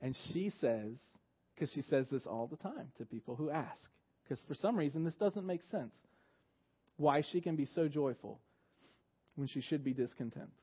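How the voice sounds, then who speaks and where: A man preaching a sermon, swinging between loud emphatic lines and quiet hushed passages. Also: fairly high pitch, animated, moderate pace, breathy edge. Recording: dull lo-fi sermon recording.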